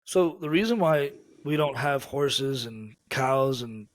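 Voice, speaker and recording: A man's voice: medium pitch, animated, slow pace, dry recording, clean studio sound. A man hosting a podcast, teasing his guests and telling stories in casual chat. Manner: teasing storyteller. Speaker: podcast host.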